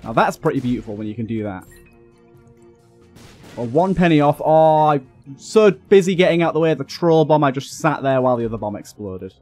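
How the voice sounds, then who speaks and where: Young male gamer, excitable commentary, mid-pitched, faint game music underneath. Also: brisk. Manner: excitable, frustrated outbursts and swearing. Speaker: gaming YouTuber. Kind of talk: let's play commentary.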